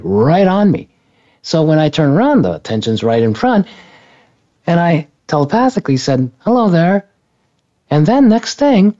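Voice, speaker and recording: A man with a slightly high voice and a dark tone tells a personal story during an interview. He rambles, restarting and correcting himself often, and the lo-fi recording sounds dull.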